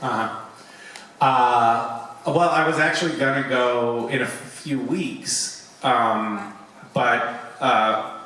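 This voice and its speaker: A middle-aged man answering fan questions at a convention panel, rambling and self-mocking, now and then lively in his stories. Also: medium pitch, takes it slowly, pauses often. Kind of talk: casual Q&A storytelling. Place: large convention hall. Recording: echoey hall, taped from far off.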